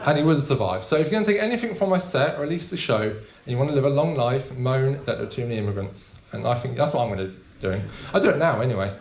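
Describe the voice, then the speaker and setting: Deadpan young stand-up comic. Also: male voice, mid-range voice, rapid-fire, few pauses, slight background noise. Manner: deadpan, casual, with filler ums. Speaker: stand-up comedian. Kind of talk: stand-up comedy set. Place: small comedy club with live audience. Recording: echoey room.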